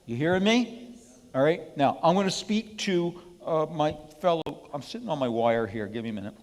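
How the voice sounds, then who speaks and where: A man's voice: on the high side, expressive, normal speed, big-room sound. A man leading a Bible study before a congregation, emphatic and repeatedly checking in with "okay?". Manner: emphatic, keeps asking the room "okay?". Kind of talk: sermon-style Bible study. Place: church hall with an audience, live streamed.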